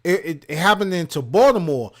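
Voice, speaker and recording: A man from Maryland, co-hosting a gaming show, telling a profane story in casual chat and shouting out the lines he quotes. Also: a little high, expressive, brisk. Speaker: podcast co-host.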